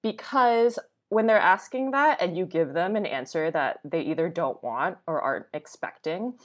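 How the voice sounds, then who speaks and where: A young woman, a travel blogger, chatting casually as a podcast guest, full of fillers and quick to laugh. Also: on the low side, lively intonation. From United States. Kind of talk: casual conversation.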